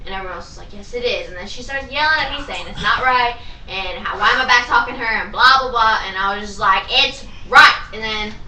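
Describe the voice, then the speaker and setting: A woman's voice: on the high side, bright, forceful tone, slight background noise. A young teenage girl telling a webcam about a strict teacher, rambling with "like" and mimicking what the teacher says. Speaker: student, friend on camera. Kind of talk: casual chat to webcam. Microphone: webcam, a bit back from it. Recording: echoey room, webcam from a distance.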